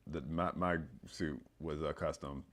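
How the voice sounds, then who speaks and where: A man's voice: a bass voice, fairly even intonation, a little slow, fairly bright tone. A man in his thirties chatting casually with his wife about their wedding, laid-back and teasing, often laughing. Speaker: co-host of a couple's channel. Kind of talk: casual reminiscing chat.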